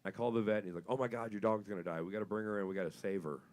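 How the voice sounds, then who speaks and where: A young man performing a stand-up comedy set, telling a profane story and building up to loud punchlines on a club stage. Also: fairly low pitch, fairly even intonation, racing.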